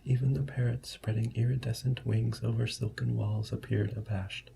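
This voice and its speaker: A man giving a soft-spoken ASMR book reading, talking in a hushed voice that often drops to a whisper. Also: mid-range voice, flat delivery, moderate pace, gravelly, background noise. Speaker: ASMR storyteller.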